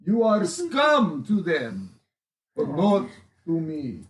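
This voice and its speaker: A man voicing a grandiose male space politician with a put-on Russian accent, giving slow, pompous speeches. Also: on the high side, wildly swooping pitch, reverberant, far from the mic, background noise, exaggerated voice. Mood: rousing.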